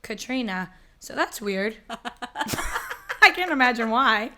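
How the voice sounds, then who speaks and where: A woman's voice: on the high side, lively intonation, takes it slowly, sharp tone. A young woman from the northern US co-hosting a podcast, chatting casually with profane, self-mocking jokes. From northern United States. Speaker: podcast co-host. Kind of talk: casual chat.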